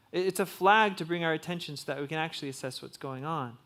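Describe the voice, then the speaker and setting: A man's voice: fairly high pitch, brisk, a bit bright. A young man giving a casual, conversational sermon to young adults, full of "like" and "um" fillers.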